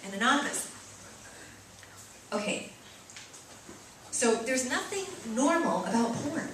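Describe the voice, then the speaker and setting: A Catholic sister from Boston, with a fairly high voice, gives a chatty talk full of stories to students and parents. She keeps checking in with the room. Her voice echoes heavily around a large space, picked up from a distance. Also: a little hiss or hum. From Boston, USA. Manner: chatty storytelling, asks "right?" often. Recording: echoey room, mic far off.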